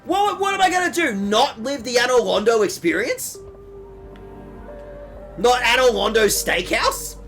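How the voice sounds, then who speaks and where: A man's voice: very high voice, unhurried, pauses often. A man streaming a game, joking and riffing in casual chat while swearing freely. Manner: jokey, riffing, swearing, lively bits. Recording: music playing behind.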